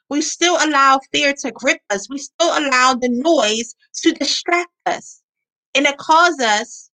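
A woman's voice: sits high, bright, forceful tone, low-quality recording. A woman preaching a sermon in an earnest way, repeating phrases for emphasis.

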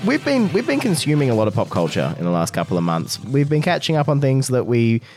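A man's voice: mid-range voice, huge pitch swings, quick pace, darkish tone, faint music behind. A man in his thirties hosting a casual podcast, rambling with many fillers and restarts. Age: 30s. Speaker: podcast host.

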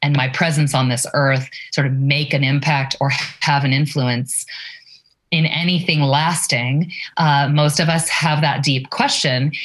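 Low-voiced reflective woman, casual chat. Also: a bit bright. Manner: reflective, asks probing rhetorical questions.

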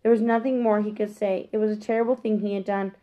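A woman gently reading a children's chapter book aloud, sometimes correcting herself mid-sentence. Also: mid-range voice, flat delivery, quick pace, dull audio. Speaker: storybook reader.

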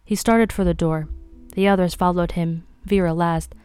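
Woman narrator, fairly low and smooth, measured reading, faint music behind. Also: fairly even intonation, a little mellow, dry recording. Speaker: audiobook reader. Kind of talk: reading a mystery novel aloud.

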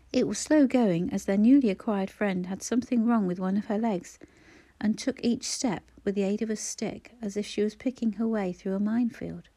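A woman reading a novel aloud in measured, scripted narration. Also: mid-range voice, dark tone. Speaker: audiobook narrator.

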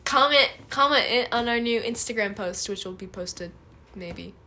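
Bright, chatty young woman. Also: fairly high pitch, expressive, moderate pace. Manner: chatty, laughs often, trails off. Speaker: podcast co-host. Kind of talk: casual chat.

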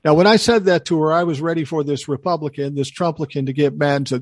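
An older man telling a story in casual chat, animated, acting out the people he quotes. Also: a little high, fast, dry recording.

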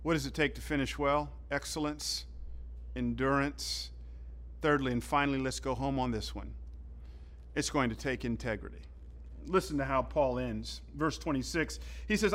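Animated, forceful preacher, a man. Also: medium pitch, moderate pace. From southern United States (Atlanta). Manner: animated storyteller, acts out quotes, swings from loud to hushed. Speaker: pastor. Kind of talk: sermon.

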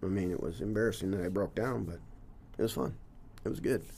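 Older coach, low husky voice, earnest and rambling, casual interview. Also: male voice, fast talker, a little mellow. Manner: earnest and reflective, trails off with "you know, whatever". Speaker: longtime teacher and coach.

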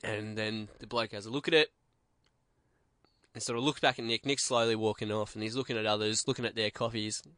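A man's voice: fairly low pitch, fairly even intonation, fairly quick, a bit bright, no room sound, clean studio sound. A man, co-hosting a podcast and telling a story in casual chat, acting out what others said. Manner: storytelling, acts out quotes. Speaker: podcast co-host.

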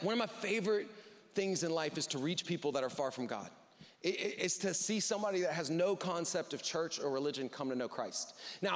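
Male pastor, high voice, casual sermon style with acted-out quotes, long hall echo. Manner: conversational, acts out quoted voices. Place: church service.

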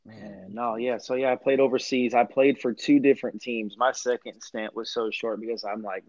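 A young man from Central Illinois with a slight country twang, a podcast guest telling his stories in a lively, laughing way. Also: medium pitch, normal speed, hardly any pauses, no echo. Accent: rural Midwestern US, slight country twang. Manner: animated storyteller, laughs often. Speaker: podcast guest, former basketball player. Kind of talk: casual chat. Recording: dull, muffled audio.

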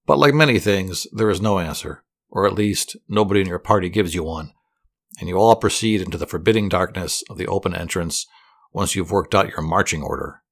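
A man telling a guided fantasy story to relax to, in a soothing, steady voice with dry humor. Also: deep voice, brisk, gravelly. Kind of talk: calm guided fantasy narration.

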